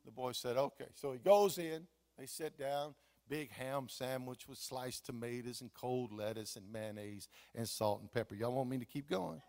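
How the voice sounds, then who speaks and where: A man's voice: mid-range voice, moderate pace. A man, a pastor preaching a sermon with playful, humorous storytelling. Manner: animated, playful, laughs at own jokes.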